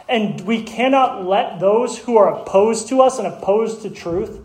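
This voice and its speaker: High-voiced preacher in an echoey room. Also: male voice, a little mellow. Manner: earnest, conversational preaching with restarts. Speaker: pastor. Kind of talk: sermon.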